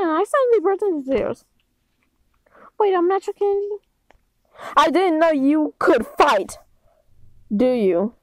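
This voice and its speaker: A woman giving an amateur reading of fan character lines, excitable and dramatic, swinging between loud squeals and low mutters. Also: no room sound, rough recording.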